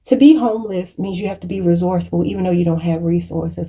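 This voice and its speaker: Emotional tarot reader, choked up. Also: female voice, on the low side, fairly even intonation, quick pace, mellow, husky. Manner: emotional, preachy, addresses viewers as y'all. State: choked up, near tears. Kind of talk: channeled tarot reading.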